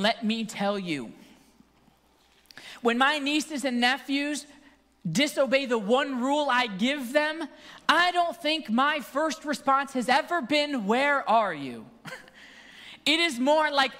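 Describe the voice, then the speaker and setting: Guy preaching in church, lively storyteller, big echoey hall. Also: very high voice. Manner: animated storytelling, acts out quotes. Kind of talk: sermon. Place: church sanctuary. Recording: long hall reverb.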